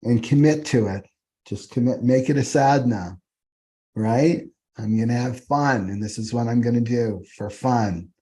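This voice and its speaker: A man's voice: medium pitch, moderate pace, dark tone, slightly rough. A man teaching astrology off the cuff, rambling and often asking "right?" as he goes.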